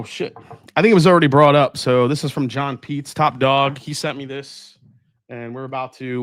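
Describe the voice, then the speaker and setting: A man's voice: mid-range voice, no echo. A man hosting a casual live stream, unboxing bottles and answering chat as he thinks aloud with fillers and restarts.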